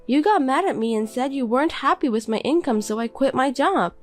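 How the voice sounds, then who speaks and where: A woman's voice: high voice, expressive, fairly quick, voice pushed up. Defensive tired housewife, raised voice of a woman reader, pleading. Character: tired, hurt young housewife. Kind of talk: reading a text-message story.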